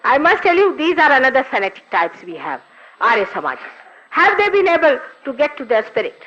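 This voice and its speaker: A woman's voice: sits high, big pitch swings, fairly quick, a bit bright. An older woman, a spiritual teacher, giving a recorded talk with emphatic, scolding rhetorical questions. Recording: dull lo-fi archive recording.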